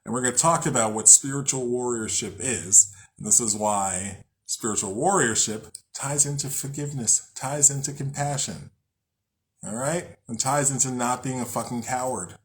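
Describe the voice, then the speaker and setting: A man at an ordinary mid pitch hosts a loose, casual talk on spirituality. He rambles, cracks jokes at his own expense and swears without a second thought. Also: normal speed, a bit bright. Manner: rambling, joking, swears freely. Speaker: host.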